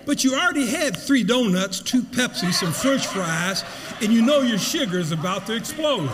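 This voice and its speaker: A man preaching a sermon, repeating phrases and building to loud emphasis. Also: very high-pitched, lively intonation, moderate pace, in a large hall, a crowd in the background. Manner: preaching with repetition and rising emphasis.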